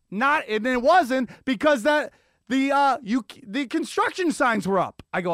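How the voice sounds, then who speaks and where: A man with a high, bright-sitting voice tells a profane, animated story as a podcast host. He acts out sirens and quoted lines as he goes, and his excitement builds as he talks. The sound is close and dry, with no room behind him. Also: moderate pace, no echo. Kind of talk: animated solo storytelling rant. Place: Los Angeles area.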